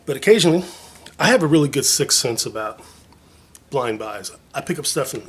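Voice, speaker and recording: With a medium pitch, lively intonation, and a slightly fast pace, a man who vlogs about vinyl casually walks his viewers through records from his collection. His talk is rambling and chatty, self-mocking, and packed with fillers. The recording carries a little hiss or hum.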